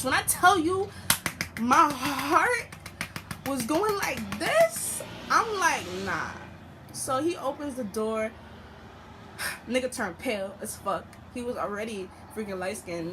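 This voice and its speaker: A young woman telling a storytime vlog, animated and profane, acting out the people she quotes. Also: a little high, background noise. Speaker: storytime vlogger.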